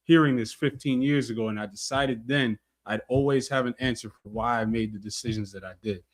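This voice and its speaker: A man's voice: medium pitch, fairly quick. Casual man relaying viewer questions. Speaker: co-host relaying comment questions.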